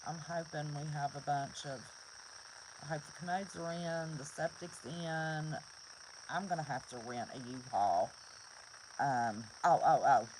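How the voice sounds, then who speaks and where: A woman's voice: deep voice, background noise. A middle-aged woman from West Virginia in a casual vlog chat, earnest and preachy, repeating herself for emphasis. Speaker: prepper vlogger.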